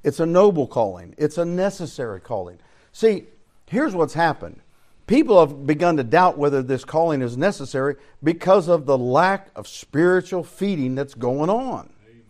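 An older man teaching a Bible study as pastor, preaching in a folksy storytelling way that swings between loud emphasis and quiet asides. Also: fairly high pitch, animated, normal speed.

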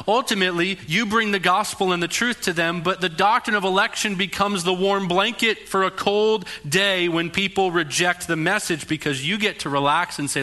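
A male pastor preaches with an animated, conversational energy. His voice is bright and forceful, and he swings between quick asides and emphatic, rising points. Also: sits high. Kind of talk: sermon.

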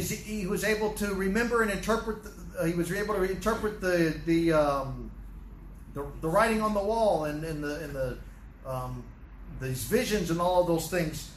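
High-voiced man teaching Bible study. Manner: conversational, with many restarts, paraphrasing scenes. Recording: echoey room, distant mic, faint noise.

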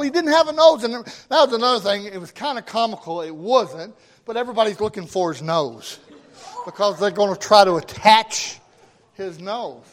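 High-voiced man telling a sermon story. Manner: folksy, animated storytelling with acted quotes. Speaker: pastor. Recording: long reverb of a hall.

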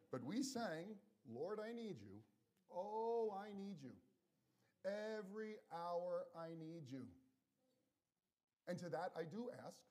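A man's voice: on the high side, a little mellow. A man preaching a sermon to his congregation, earnest and personal, talking to them directly in a conversational way.

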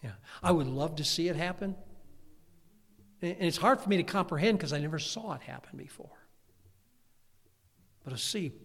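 Middle-aged pastor, man, folksy sermon delivery, fairly high voice, long church reverb. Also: moderate pace, long pauses. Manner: folksy, swings from quiet to shouting. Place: church hall.

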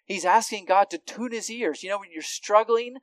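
A man teaches through scripture with a slightly raised pitch. He talks loosely, restarting phrases and checking in with "right?" The sound is dry and close, with no room echo. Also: normal speed. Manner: conversational, with frequent restarts and tag questions. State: hard of hearing. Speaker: Bible teacher. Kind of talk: expository Bible teaching.

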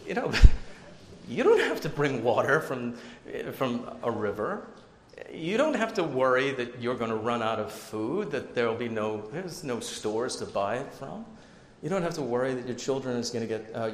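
Speaking at a normal speed in an animated, medium-pitched voice, a man preaches as pastor in a conversational style with self-deprecating remarks. The recording has an echoey hall's long reverb, faint ambience and slight background noise.

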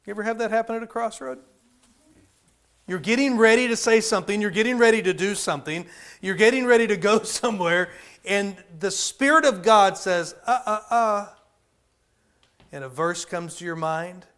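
A man's voice: sits high, brisk, fairly bright tone. A man preaching a sermon in a folksy way, repeating phrases and using many fillers. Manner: calls people up for a live demonstration.

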